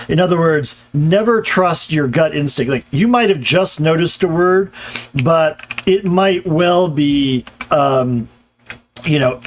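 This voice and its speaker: A man giving a live-streamed grammar lecture, talking casually with many fillers and restarts while answering chat. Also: on the high side.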